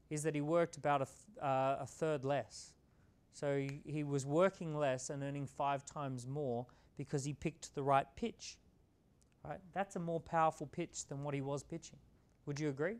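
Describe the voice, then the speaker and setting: A man's voice: fairly high pitch, normal speed. A man giving a casual, conversational motivational talk to a live audience, often checking in with "right?". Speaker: keynote speaker.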